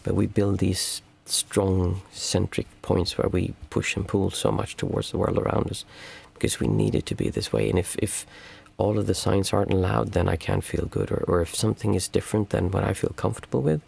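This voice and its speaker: Low, gravelly-voiced male meditation teacher. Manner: calm, reflective, halting. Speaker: meditation teacher and stream host. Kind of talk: livestream Q&A talk.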